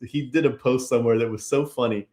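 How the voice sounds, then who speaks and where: A man's voice: mid-range voice, fast, a little mellow. A man from Pennsylvania with a mid-range voice, chatting as a podcast guest. He rambles loosely, filling his sentences with "like" and "you know", in an easygoing conversational way. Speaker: podcast guest, business owner. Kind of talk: casual conversational interview.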